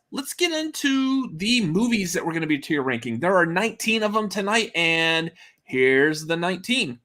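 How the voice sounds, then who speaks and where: A man's voice: a little high, fairly bright tone. A man hosting a casual live movie-ranking stream, drawling with lots of uh fillers. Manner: drawling, says y'all, many uh fillers, laughs easily.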